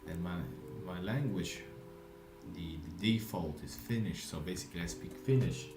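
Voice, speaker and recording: A man from Latvia whose first language is Russian, chatting haltingly on a live outdoor stream and mixing in Finnish. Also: deep voice, roomy sound, music in the background. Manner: halting, restarts often, switches between English and Finnish. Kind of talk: casual live stream chat. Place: outdoors in the city.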